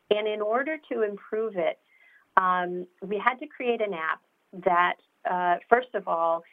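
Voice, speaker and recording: A woman's voice: lowish voice, gravelly, narrow, tinny audio. A woman founder answering interview questions, enthusiastic and explanatory, with many fillers. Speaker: startup founder.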